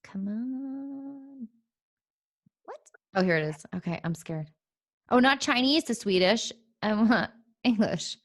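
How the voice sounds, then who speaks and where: A woman hosting a podcast in a casual chat. She talks playfully, laughs often and thinks out loud. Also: a little high, lively intonation, takes it slowly, long pauses. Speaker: podcast host.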